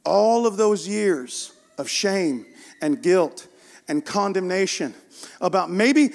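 A male preacher delivers a sermon in a strikingly high voice with a gravelly edge. He talks with raw passion, climbing into shouts and then pulling back to an intimate hush. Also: animated, slow pace. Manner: passionate, swings from shouting to hushed storytelling.

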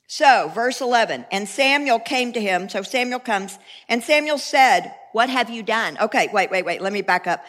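A woman preaching a sermon, reading scripture and telling stories in a conversational, animated way with asides and restarts. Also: fairly high pitch, normal speed, few pauses.

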